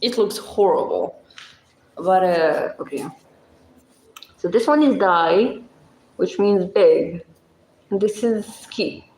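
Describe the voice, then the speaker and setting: A woman's voice: lowish voice, expressive, takes it slowly, long pauses, darkish tone, a little hiss or hum. A woman hosting a casual livestream, chatting with viewers and rambling through simple language explanations with plenty of fillers. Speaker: livestream host. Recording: echoey room.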